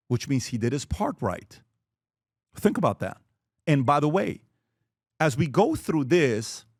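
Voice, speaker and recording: A man's voice: fairly high pitch, dry recording, studio quality. A man in his forties giving an earnest motivational talk on fatherhood and asking the audience questions. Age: 40s. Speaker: speaker.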